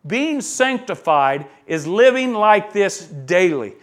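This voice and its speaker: High-voiced, animated male preacher. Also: slow. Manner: animated preaching, acts out quoted voices, swings from soft asides to loud emphasis. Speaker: pastor. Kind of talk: sermon.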